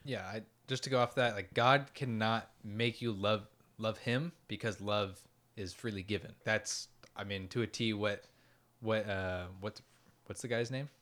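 A man in a casual book discussion, halting and searching for words. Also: on the low side, fairly even intonation, a bit bright.

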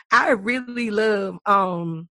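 A woman's voice: medium pitch, bright, forceful tone, no echo, studio quality. A young adult woman co-hosting a podcast in casual chat, laughing often and telling stories playfully. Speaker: podcast co-host.

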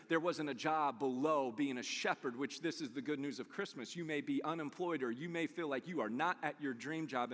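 A man preaching a sermon as a pastor, conversational and animated, sometimes acting out the people in his story. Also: mid-range voice. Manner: animated, conversational, acts out quotes. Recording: long reverb in a large room.

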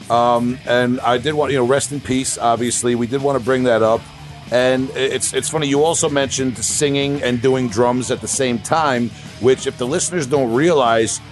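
Male podcast host, relaxed interviewer, halting delivery with fillers, mid-range voice. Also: mid-range voice. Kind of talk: casual interview.

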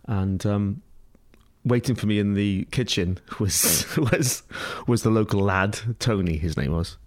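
Scottish man, middle-aged, low voice, rambling and laughing, interview guest. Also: unhurried. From Scotland. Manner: rambling, laughs often, many restarts and fillers. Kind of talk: casual storytelling.

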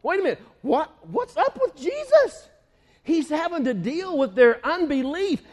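A male preacher with a very high voice, animated, laughing often as he talks. His pitch swings widely, and a long reverb hangs on every phrase. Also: unhurried. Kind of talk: lively sermon.

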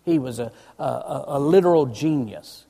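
A man's voice: medium pitch, normal speed, gravelly, warm tone. A man preaching a sermon, emphatic and asking his congregation questions. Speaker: pastor. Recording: long church reverb.

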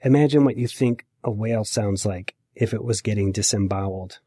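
A man hosting his own podcast, telling a personal memoir story in a quiet, measured, emotional way. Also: fairly low pitch, heavy background noise.

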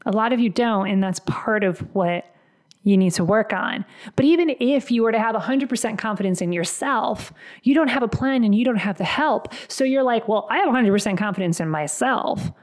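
A woman's voice: a little high, moderate pace. A woman career coach delivering a motivational podcast monologue, emphatic and fond of repeating phrases for punch.

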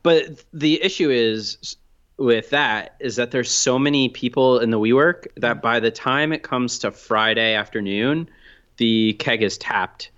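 A man in his thirties co-hosting a podcast in casual chat, with low-key, dry humor. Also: unhurried, fairly bright tone, smooth. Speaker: podcast co-host. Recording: slightly dull, muffled sound.

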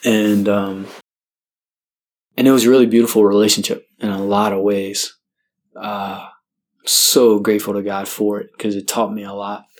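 A man's voice: on the low side, flat delivery, normal speed, pauses often. A man, a priest, telling his own vocation story in a candid, self-deprecating way, chuckling now and then and loose with fillers.

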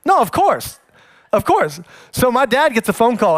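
High-voiced man preaching a sermon. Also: normal speed. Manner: animated storytelling, acting out scenes. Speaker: pastor. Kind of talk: sermon with personal stories.

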